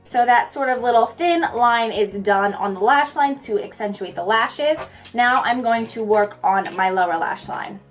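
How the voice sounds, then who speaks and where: A young woman chatting her way through a makeup tutorial, talking fast in a bubbly, goofy way. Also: a little high, soft background music. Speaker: beauty vlogger.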